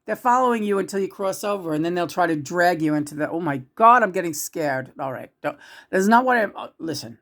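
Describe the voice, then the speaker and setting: With a fairly low pitch and expressive delivery, a little fast, a woman casually discusses spirits as a psychic channeler. She wanders off track, restarts often and swings between loud and hushed.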